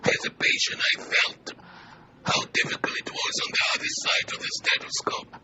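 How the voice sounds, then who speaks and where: An older man with an Israeli accent and a whispery, weak voice, speaking earnestly in short measured phrases in an interview. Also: background noise. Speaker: physician interviewee.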